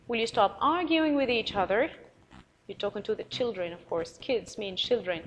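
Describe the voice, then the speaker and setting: An animated woman teacher with an Arabic accent and a medium-pitched voice gives a recorded English vocabulary lesson. Encouraging throughout, she spells words letter by letter and repeats them slowly, though the audio is poor, with a little hiss or hum.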